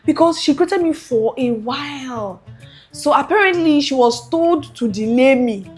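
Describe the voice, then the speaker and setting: A woman's voice: sits high, a little slow, faint music behind. A young woman animatedly telling a personal story to her viewers, acting out the other voices. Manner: animated, acts out quoted voices. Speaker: vlogger. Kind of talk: casual storytelling.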